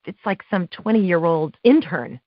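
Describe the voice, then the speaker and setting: A woman guest on an interview show, telling stories about her work as a live awards announcer, with lively quoted dialogue and frequent laughs. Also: lowish voice, unhurried, dry recording. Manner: animated, acts out quotes, laughs often. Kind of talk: casual interview storytelling. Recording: dull dry podcast audio.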